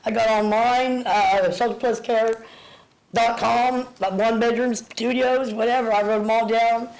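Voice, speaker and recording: A woman in her fifties, out of breath, giving an emotional, halting public comment at a city council meeting. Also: fairly high pitch, fairly even intonation, creaky, a little mellow, low-quality recording. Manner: emotional, halting, repeating words.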